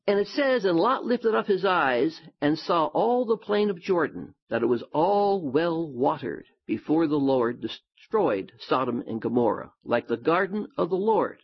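Animated, husky-voiced male Bible teacher. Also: on the high side, unhurried. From United States. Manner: animated, folksy, lively asides. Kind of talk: sermon. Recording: dull lo-fi sound.

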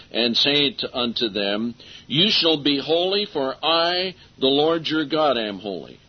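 A man with a husky, mid-range voice preaches a sermon, reading scripture aloud emphatically. He slows right down to drive home key phrases, and the recording sounds dull and lo-fi.

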